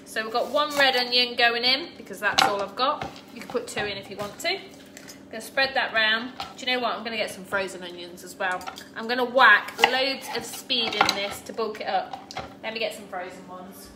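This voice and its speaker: A middle-aged woman with a fairly high-pitched voice speaks a little fast while hosting a casual cooking livestream in her home kitchen. She chats, greets viewers by name, and laughs at herself, as children's game noise drifts faintly in the background.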